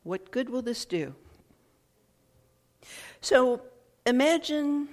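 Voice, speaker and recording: A woman's voice: high voice, expressive, darkish tone. Reflective woman in a reverberant hall. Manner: thoughtful, slow, with repeated phrases and pauses. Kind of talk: reflective spoken talk.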